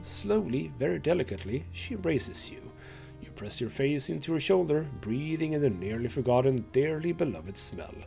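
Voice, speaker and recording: Brief: let's play host, male, reads game text, chatty and animated, gravelly voice. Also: mid-range voice. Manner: chatty asides with laughs between read passages. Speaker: gaming channel host.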